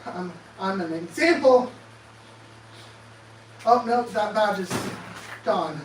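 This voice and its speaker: A man giving an animated motivational talk, firing off sarcastic rhetorical questions in a presentation room. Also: sits high, slow, noisy background. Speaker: speaker. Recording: echoey room, distant mic, faint ambience.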